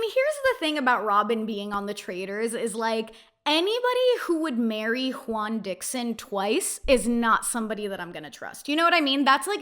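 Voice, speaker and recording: A young woman recapping a reality TV episode in a casual, opinionated monologue, full of "like" and quick asides. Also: a little high, sharp tone. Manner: chatty, opinionated, heavy use of "like".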